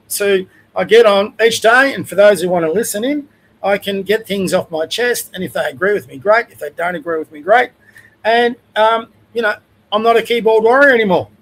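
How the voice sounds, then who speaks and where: A man's voice: sits high, a bit bright, poor audio. An older Australian man hosting a livestream, giving blunt, conversational opinions in a casual rant. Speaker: livestream host.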